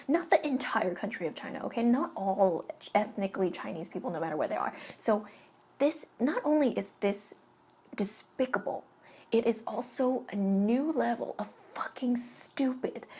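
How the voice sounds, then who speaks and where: A woman's voice: on the high side, darkish tone, slightly rough. A young woman from California talking in casual commentary, emphatic and ranting, swearing often. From California, United States. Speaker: vlogger.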